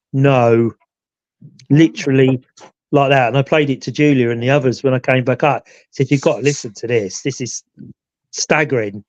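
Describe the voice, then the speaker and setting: A ghost hunter who often appears on a live chat show casually recounts an investigation, rambling with plenty of "you know." His mid-range voice carries a darkish tone, and the recording is dry and lo-fi.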